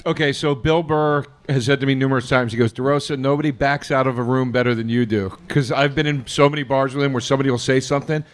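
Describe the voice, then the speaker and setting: A man's voice: medium pitch, steady tone, fast, hardly any pauses. A man comedian telling a self-mocking bar story in a casual podcast chat. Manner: self-mocking, shouting bits in anecdotes. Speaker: comedian guest.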